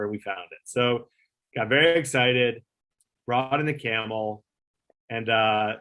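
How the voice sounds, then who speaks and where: This middle-aged man, once a talk show producer, speaks in a lowish voice with a fairly bright tone. Telling a story in a relaxed interview, he acts out the voices of the people he quotes and fills his speech with fillers and swearing.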